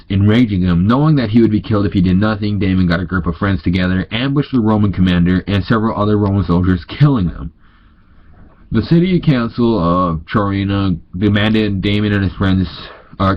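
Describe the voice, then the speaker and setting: Young guy from north dakota, stuffy nose, worn out late at night, reads stuff out loud and keeps fumbling, lowish voice. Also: brisk, lo-fi sound. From North Dakota, USA. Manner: stumbling, self-correcting reading. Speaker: vlogger reading ghost stories. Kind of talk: casual read-aloud with asides.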